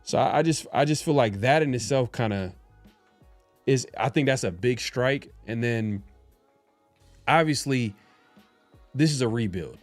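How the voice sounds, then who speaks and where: A man co-hosting a casual sports talk show, speaking in a halting, laid-back way with many restarts. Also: medium pitch, expressive, no room sound, faint music behind. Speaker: podcast co-host.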